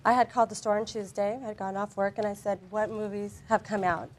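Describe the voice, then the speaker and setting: A woman testifying as the plaintiff, telling her story excitably and jumping up in pitch when she quotes herself. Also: slight background noise. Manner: fast, excitable storytelling, voice rising when quoting. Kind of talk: testimony in a televised courtroom.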